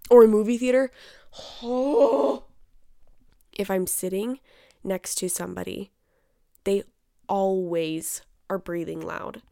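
A woman's voice: mid-range voice, steady tone, slow pace, creaky, pauses often, dark tone, no room sound, studio quality. Chatty woman ranting in exasperation. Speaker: podcast host. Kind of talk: casual solo chat.

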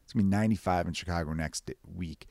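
A man hosting a podcast, rambling casually and profanely, short of breath and jumping into high mock voices. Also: fast talker, gravelly, dry recording. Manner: profane, rambling, animated bursts into high-pitched mimicry. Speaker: podcast host. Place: away from his usual recording space.

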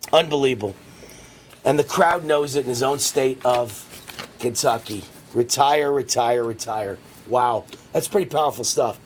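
Husky ranting talk-radio man. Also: a little high. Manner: rapid, heated ranting. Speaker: radio talk show host. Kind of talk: political talk radio monologue.

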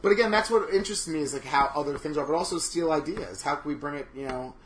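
Campy potty-mouthed guy rattling off stories, bit high, echoey room. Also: fast, slight background noise. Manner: animated, campy, profane storytelling. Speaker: podcast co-host. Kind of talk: casual chat.

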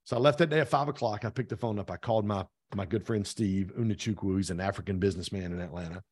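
Middle-aged male guest, low-pitched, dry close sound, animated storyteller who voices the dialogue. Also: fast, no room sound. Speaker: podcast guest, real estate team owner. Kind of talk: casual storytelling interview.

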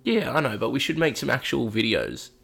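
A man's voice: mid-range voice, big pitch swings, fairly quick, gravelly, a bit bright, slightly rough. A man co-hosting a casual podcast chat, swearing freely and telling anecdotes with quoted voices. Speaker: podcast co-host.

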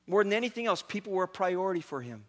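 A man preaching a sermon as pastor, retelling stories in an animated, casual way with many asides. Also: sits high, fast talker.

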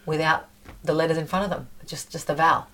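A woman singing teacher chatting casually, animated, breaking into sung and shouted demonstrations. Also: low-pitched, fast, rough recording. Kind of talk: casual podcast chat.

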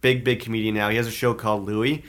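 A man's voice: fairly low pitch, little pitch movement, fast, a bit bright. A young man co-hosting a podcast, explaining a new segment in easygoing casual chat. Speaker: podcast co-host.

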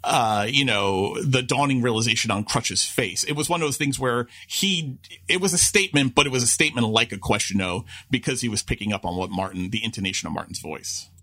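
Male podcast co-host, bright tone, loose rambling delivery full of asides. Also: mid-range voice, fairly quick. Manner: rambling, restarts and filler-heavy, animated asides. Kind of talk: casual chat.

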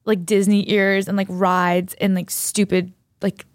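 A young woman co-hosts a chatty podcast, spinning long stories full of "like" and restarts. Her voice sits at an ordinary pitch, recorded close and dry with no room sound. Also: level tone, a little slow, no room sound. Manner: rambling, heavy use of "like", storytelling. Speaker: podcast co-host. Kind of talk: casual chat.

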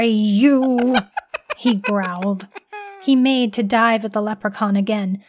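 A woman's voice: on the high side, no room sound. Woman narrating a story, dry close sound.

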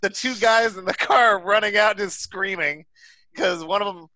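A man's voice: high voice, moderate pace, sharp tone, no room sound. A young man casually telling a wild story among friends, swearing and laughing as he goes.

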